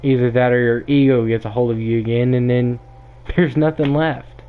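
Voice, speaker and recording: A man's voice: mid-range voice, steady tone, moderate pace, clean tone. A young man hosting a podcast, delivering a blunt, emphatic opinion monologue that often circles back and repeats itself. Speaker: podcast host. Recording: tinny phone-like sound.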